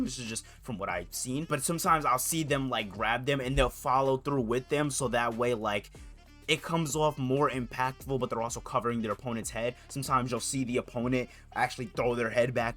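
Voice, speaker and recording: A man talks through a wrestling event in a loose, rambling way, dropping curse words and filler phrases as he goes. His voice sits at an ordinary middle pitch. Faint music plays under him. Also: a bit bright. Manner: rambling, profane, repeats "you know what I'm saying". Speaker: wrestling vlogger. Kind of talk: casual recap chat.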